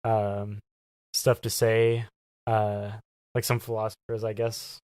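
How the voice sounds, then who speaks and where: A man guest in a casual interview, talking softly with many fillers and pauses. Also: fairly low pitch, completely flat delivery, no room sound. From lives in Los Angeles. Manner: soft-spoken, lots of fillers and hesitations. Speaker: podcast guest.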